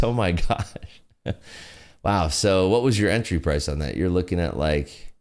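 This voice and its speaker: Casual, filler-heavy commentary comes from a man hosting a futures trading livestream. He has a deep voice with lively intonation, speaks at a moderate pace, and rambles in a laid-back manner.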